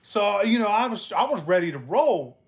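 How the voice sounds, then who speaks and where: A man's voice: high-pitched, very animated, moderate pace. A man hosting a casual show, telling rambling, profane stories about his past and laughing along as he goes. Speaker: host. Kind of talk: casual storytelling.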